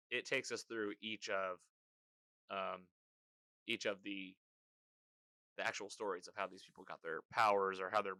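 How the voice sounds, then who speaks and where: A man hosting a podcast, recapping a TV season in casual, rambling chat full of fillers and quick quoted lines. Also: on the low side, sharp tone, dry recording. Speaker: podcast host.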